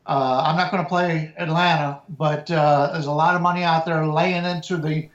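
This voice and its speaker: A man, a sports handicapper, giving measured betting analysis and often restarting his words. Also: on the high side, fairly even intonation, roomy sound, dull audio.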